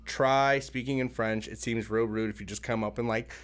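A man's voice: medium pitch, moderate pace, clear, resonant tone. A young adult man telling a story in casual chat, acting out the people he quotes. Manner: animated storyteller, acts out quotes in shifting voices.

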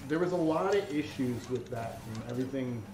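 A man's voice: mid-range voice, brisk, gravelly, noisy background. Man casually reviewing a game, roomy sound. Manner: relaxed, filler-heavy explaining. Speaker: podcast co-host reviewing a game. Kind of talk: casual gaming commentary. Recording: roomy room sound, mic at a distance.

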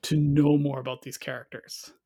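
A movie reviewer on a casual podcast talks in a slightly high, flat voice at a moderate pace, with vocal fry and a dark tone. He rambles about a film, cuts himself off, and acts out lines as quotes.

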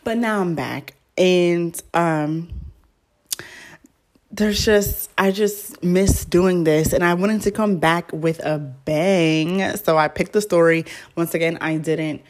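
A woman's voice: lowish voice, takes it slowly, a little mellow. A young woman hosting her own podcast, chatting casually and rambling with lots of fillers. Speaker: podcast host. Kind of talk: casual solo podcast chat.

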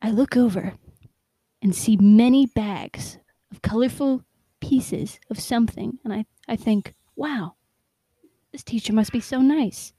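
A woman putting on a mock-spooky horror storyteller voice, telling a school tale slowly and deliberately, trying to sound eerie. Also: on the high side, dark tone, slightly rough, dry recording.

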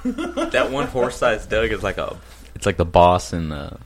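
A man's voice: fairly low pitch, huge pitch swings, normal speed, slight background noise. A young man co-hosting a podcast, drawling through crude jokes with lots of laughter. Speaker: podcast co-host. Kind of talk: crude casual banter.

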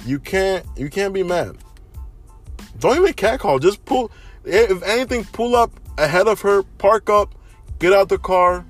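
A young man talks through his own solo podcast. His voice sits a little high for a man, and his storytelling is animated and conversational. Faint music plays underneath. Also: measured pace. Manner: animated storytelling, frequent "you know what I'm saying". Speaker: podcast host. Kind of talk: casual solo podcast monologue.

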